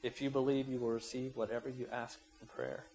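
A pastor preaches to his church in a medium-pitched, fairly even voice at a brisk pace, retelling a scripture story and leading prayer. His passion builds emphatically, reaching loud peaks when he voices prayers and quotes. The audio quality is poor.

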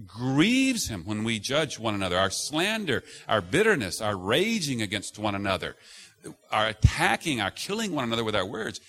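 Middle-aged male pastor, lively storytelling sermon, big swings in pitch, acts out voices. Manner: animated storytelling, acts out quoted voices loudly. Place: church sanctuary before a congregation.

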